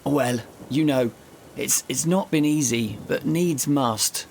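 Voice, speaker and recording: A man's voice: medium pitch, takes it slowly, vocal fry, darkish tone, slight background noise, voice pushed up. A man voicing an anxious, hunted Victorian Englishman who talks with nervous, panicky urgency in a raised voice. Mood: weary.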